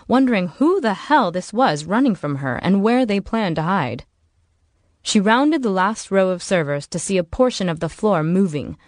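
A woman narrates a novel for an audiobook. Her delivery is measured and even, in a slightly low voice. The sound is dry and close to the mic. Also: dry recording. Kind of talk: scripted narration.

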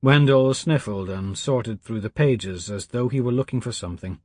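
A man narrating an audiobook in a measured, quiet storytelling manner. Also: medium pitch, no echo.

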